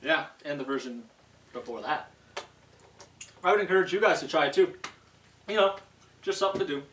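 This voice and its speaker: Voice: mid-range voice, lively intonation, fairly quick, a bit bright, distant mic, slight background noise. Teasing, chatty co-host, voice bounces around a lot, echoey room. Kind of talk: casual chat while tasting candy.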